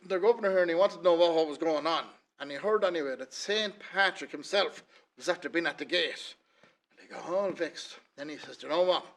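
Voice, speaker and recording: Higher-voiced Irish man telling a folk tale. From Ireland. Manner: chatty, rambling, with lots of "he says". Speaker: storyteller. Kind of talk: folksy spoken storytelling.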